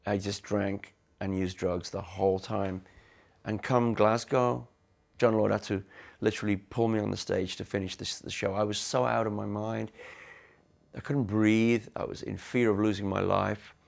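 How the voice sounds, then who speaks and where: A man being interviewed, telling his own story frankly and haltingly, with restarts. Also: fairly low pitch, steady tone, gravelly. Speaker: interviewee, former band member. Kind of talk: candid reflective storytelling.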